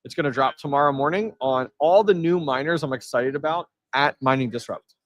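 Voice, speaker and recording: A man's voice: medium pitch, no room sound. A man hosting a live stream from an event floor, chatting casually and answering his chat with energy. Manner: energetic, reads chat aloud, quick asides.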